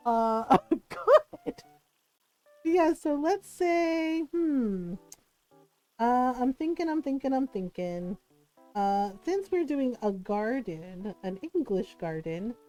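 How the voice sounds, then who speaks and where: Animated high-voiced woman streamer. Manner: animated, laughing, acting out quoted friends. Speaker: variety streamer. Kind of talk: casual live-stream chat.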